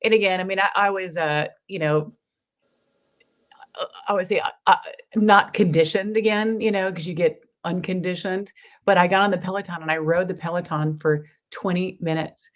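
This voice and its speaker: A woman with a lowish voice keeps a steady tone at a moderate pace, telling a personal story as an interview guest. Earnest throughout, she acts out the story's dialogue as conversational testimony, heard through a slightly dull lo-fi recording.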